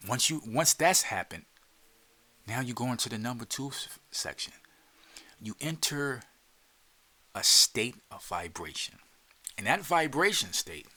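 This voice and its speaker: A man's voice: mid-range voice, bright, forceful tone. A man with a New Jersey accent hosting a podcast, talking listeners through a relaxation exercise in a loose, streetwise way, repeating words and sometimes dropping to a whisper. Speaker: podcast host. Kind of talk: casual guided instruction.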